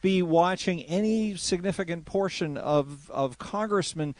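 A man's voice: sits high, unhurried, a little mellow, no echo. A man co-hosting a radio chat, chiming in with wry quips. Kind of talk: casual chat.

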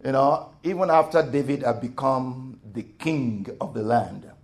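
A man preaching a sermon as pastor, repeating phrases and asking rhetorical questions, dropping soft and then rising loud. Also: medium pitch, lively intonation, a little slow.

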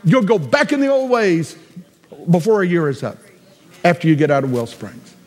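High-voiced preaching man in reverberant hall. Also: animated, moderate pace. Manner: emphatic, repetitive preaching with sudden loud cries. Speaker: pastor. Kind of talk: sermon.

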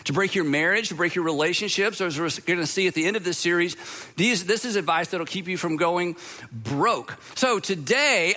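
A male pastor opens a sermon in a conversational manner, pausing with fillers as he gathers his thoughts. His voice sits high for a man and sounds bright and clear.

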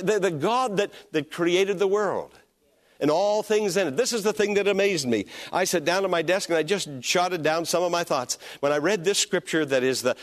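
A man preaching a sermon as pastor, emphatic, rising to loud peaks and dropping to hushed lines, leading the congregation in call and response. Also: high voice.

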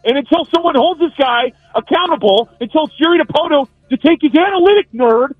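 A man's voice: extremely high pitch, animated, a little fast, no room sound, soft background music. A man calling into a radio show, ranting with indignation. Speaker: radio caller. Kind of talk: angry call-in rant. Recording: tinny phone line on radio.

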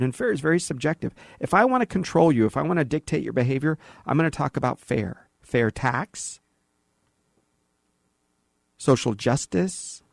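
Speaking from a radio studio, this California talk show host delivers a sarcastic, opinionated rant, animatedly voicing other characters in bits of dialogue. The recording is dry and studio quality, carrying his gravelly, mid-range voice.

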